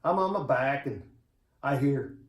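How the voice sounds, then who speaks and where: A man in his forties giving a funeral eulogy for a close friend, telling the story in a quiet, heartfelt, conversational way. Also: medium pitch, animated, unhurried. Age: 40s. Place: church sanctuary. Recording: roomy echo of a church.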